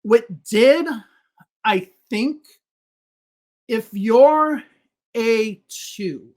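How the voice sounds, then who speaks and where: In a podcast conversation, a man who is a native English speaker and an English teacher patiently explains grammar, offering spoken examples. His voice is very high-pitched and he draws out his words.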